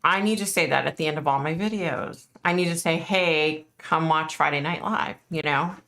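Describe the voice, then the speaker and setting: A woman's voice: sits low, moderate pace, fairly bright tone. A middle-aged woman, a psychic medium, hosting a casual live stream and chatting frankly with her viewers, full of "like" and "you know".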